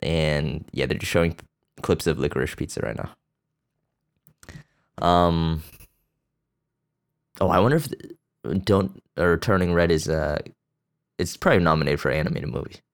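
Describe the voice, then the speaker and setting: A man's voice: low-pitched, unhurried, long pauses, smooth. A man hosting a podcast, rambling bluntly and crudely about a movie, with lots of fillers and restarts. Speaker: podcast host. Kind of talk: casual profane movie chat.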